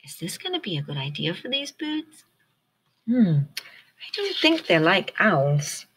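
A woman teacher reads a picture book aloud to children, unhurried and encouraging. Her voice sits fairly low, yet her pitch moves a great deal as she tells the story. She stops often to ask her young listeners questions. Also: sing-song, a bit bright, breathy edge.

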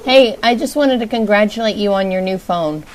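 A young woman hosts a casual show, her voice sitting at an ordinary middle pitch. She is blunt and bossy, swearing at her co-host while prank calling people. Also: normal speed, a little hiss or hum, rough recording. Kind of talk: casual chat and prank calls.

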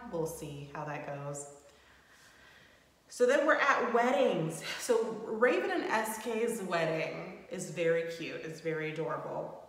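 A young woman recapping a reality show at home in a chatty way, breaking into loud shocked indignation. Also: lowish voice. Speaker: recap host. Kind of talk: casual recap commentary. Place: home room. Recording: roomy echo with long reverb.

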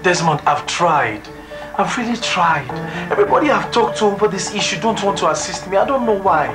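A man's voice: a little high, a little fast, close to an everyday voice. A young man playing a desperate man who keeps begging for money, repeating himself. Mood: pleading. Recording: loud film soundtrack music.

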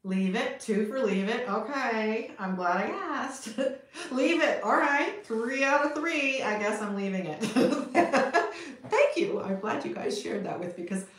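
Her voice fairly high and unhurried, a middle-aged Canadian potter chats warmly on a livestream, laughing frequently as she talks with viewers. The room is echoey, with a little background noise.

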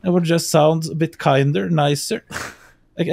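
A man with a Norwegian accent, chatting casually as a guest in an easygoing, halting way with many fillers. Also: a little high, steady tone, vocal fry, a little mellow. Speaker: guest streamer. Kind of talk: casual podcast chat.

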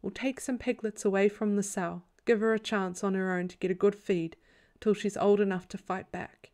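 A woman's voice: mid-range voice, fairly even intonation, normal speed, darkish tone, close to an everyday voice. A woman reader voicing a big, good-humoured Zulu farmhand who speaks kindly and matter-of-factly in a storybook reading.

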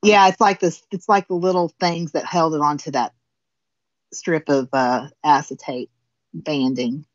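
A woman's voice: low-pitched, fairly even intonation, a little slow, no room sound, highs cut off. A woman with a southern Indiana accent, chatting folksily as she demonstrates a finishing technique step by step. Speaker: guest crafter demonstrating finishing. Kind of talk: casual demonstration chat.

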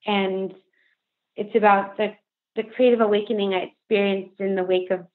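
A woman's voice: mid-range voice, level tone, normal speed. Young woman guest, candid and heartfelt, mid-range voice over a thin phone line. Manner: earnest, heartfelt, frequent "like" fillers. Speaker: podcast guest, author. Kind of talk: candid interview conversation. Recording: phone-line remote call.

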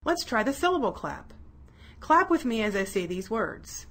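A woman giving scripted educational narration for children, clear and encouraging, sounding out words in pieces. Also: a little high, very animated, normal speed, noisy background. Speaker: instructional narrator.

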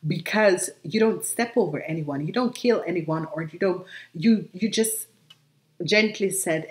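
Woman tarot reader, lower register, direct and encouraging to camera, filler-heavy delivery. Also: measured pace. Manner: encouraging, emphatic, many "um" fillers. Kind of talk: solo video reading addressed to viewers.

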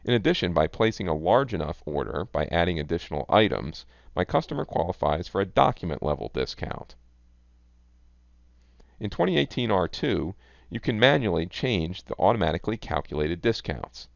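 A man giving scripted narration for a software product demo, measured and even. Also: sits low, vocal fry, dry recording. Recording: dull, lo-fi dry voice-over.

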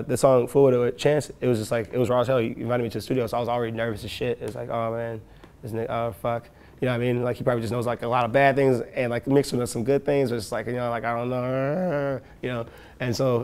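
Fast-talking gravelly man. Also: medium pitch, a little mellow. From west side of Chicago. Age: late 20s. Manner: loose, profane, laughing often, full of "like" and "you know". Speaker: rapper and producer, interview guest. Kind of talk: casual storytelling interview.

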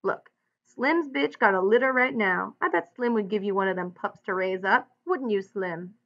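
A woman reading the part of a blunt, gruff male ranch hand in a folksy drawl, on a dull lo-fi recording. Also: mid-range voice, moderate pace, fairly bright tone. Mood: insistent.

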